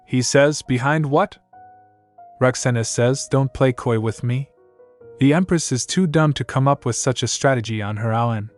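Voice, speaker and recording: A man narrating a manhwa recap, reading the story and the characters' lines in one steady voice. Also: medium pitch, normal speed, faint music behind.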